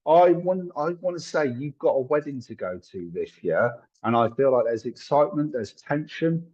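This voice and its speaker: Husky-voiced man, chatty psychic. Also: a little high, expressive, moderate pace, darkish tone, highs cut off. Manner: chatty, apologetic, thinks aloud with many fillers. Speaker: psychic medium. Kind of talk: live-streamed psychic reading.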